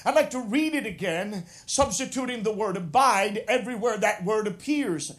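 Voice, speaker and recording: Preacher, male, very high pitch, sermon delivery with lots of "uh" fillers and forceful emphatic climbs. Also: expressive, moderate pace. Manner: builds to emphatic raised preaching, frequent "uh" fillers. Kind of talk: expository sermon.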